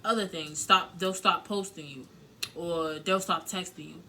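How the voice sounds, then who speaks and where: A woman with a bright, tense voice talks frankly and emotionally about relationships in a casual vlog. Her pitch stays fairly flat, and a faint hiss of noise sits underneath. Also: a little slow. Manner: frank and candid, loose with filler words and swearing; emotional, close to tears at times. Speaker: relationship advice vlogger.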